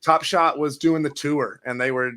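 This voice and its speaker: A man hosts a casual podcast. He is enthusiastic but halting, filling his pauses with "uh" as he lines up questions. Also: a little high, fairly even intonation, sharp tone. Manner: hesitant, many "uh"s, enthusiastic. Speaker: podcast host. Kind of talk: casual chat.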